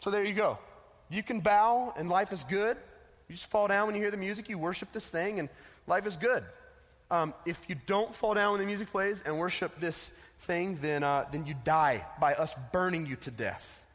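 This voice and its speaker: A man's voice: high-pitched, moderate pace, fairly bright tone. A man preaching a casual, emphatic sermon to teenagers as a youth pastor, telling a story, in an echoey hall.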